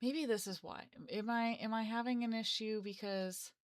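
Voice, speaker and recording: A woman's voice: a little high, fairly even intonation, normal speed, dry recording, clean studio sound. A woman in her twenties chatting casually on a live stream, rambling and correcting herself as she goes. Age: 20s. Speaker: live streamer and game developer.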